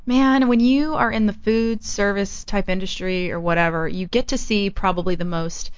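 Animated woman telling café stories. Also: medium pitch, normal speed, clean tone, no echo, dull audio. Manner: animated, acts out other people's voices. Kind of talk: casual storytelling chat.

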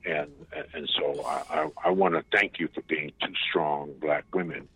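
A man calling in as a guest on a talk show, speaking haltingly with many repeated starts and fillers. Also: a bass voice, fairly even intonation, pushed and bright, husky. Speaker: phone-in guest. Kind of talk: casual talk-show chat. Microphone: phone call. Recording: narrow phone line, dry and muffled.

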